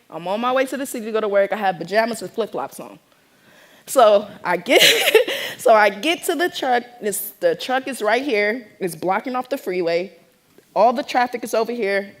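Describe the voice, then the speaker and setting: A young woman from the Bay Area telling an audience her own story in a lively, animated way, acting out the voices of the people in it. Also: mid-range voice. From San Francisco Bay Area. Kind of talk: personal storytelling talk to an audience.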